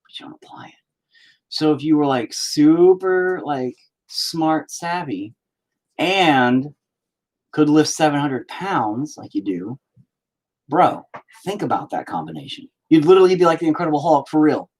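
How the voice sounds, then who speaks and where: A man's voice: a little high, lively intonation, a little slow, darkish tone. A middle-aged man chatting casually on a live stream, joking and teasing as a father.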